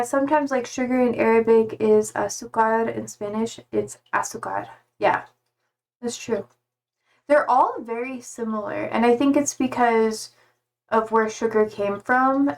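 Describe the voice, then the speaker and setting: Slow-talking young streamer woman from Germany. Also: a little high, gravelly. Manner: chatty, reads chat messages aloud. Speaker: livestreamer. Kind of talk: casual chat with viewers.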